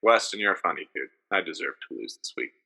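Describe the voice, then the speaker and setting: A man's voice: deep voice, lively intonation, fast talker, vocal fry, sharp tone. A young man co-hosting a podcast, telling rambling stories full of fillers in casual comedic banter. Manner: rambling storyteller, frequent fillers. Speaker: podcast co-host.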